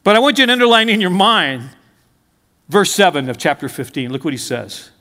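A middle-aged male pastor with a high, bright voice delivers a conversational sermon a little fast, animated and forceful in tone. He fills it with stories and asides to the congregation, and the recording carries hall reverb.

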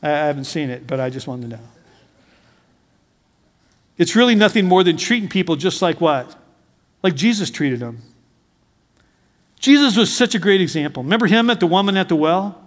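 A man's voice: a little high, big-room sound. A middle-aged male pastor preaching a conversational sermon, asking his congregation questions and mixing in humor.

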